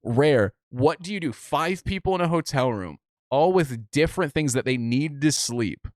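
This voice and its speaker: A man's voice: a little high, animated, normal speed, no room sound, clean studio sound. A man co-hosting a podcast, telling a long story in casual chat, rambling with many restarts. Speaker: podcast co-host.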